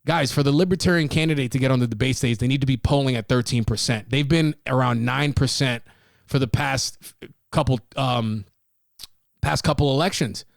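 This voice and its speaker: A man's voice: medium pitch, brisk, vocal fry, no echo, clean studio sound. A man hosting a casual solo podcast, talking bluntly and profanely, rambling with restarts. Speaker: podcast host.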